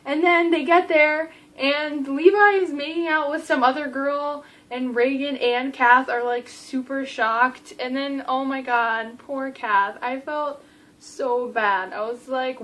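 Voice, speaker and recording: Gushing young woman, a bit high. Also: slow, rough recording. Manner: gushing and animated, acts out character lines. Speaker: book reviewer. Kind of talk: casual book review vlog.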